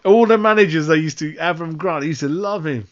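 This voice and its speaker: A man's voice: a little high, brisk, dull audio. A man hosting a fan live stream, rambling casually and calling everyone mate. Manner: chatty, rambling, says mate constantly. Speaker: fan channel host.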